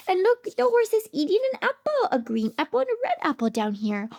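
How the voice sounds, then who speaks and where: A woman's voice: very high voice, wildly swooping pitch, normal speed, hardly any pauses, warm tone. A woman speech therapist reading a picture book aloud to toddlers, coaxing with questions, gasping with delight and dropping into whispers. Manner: coaxing, asks the child questions.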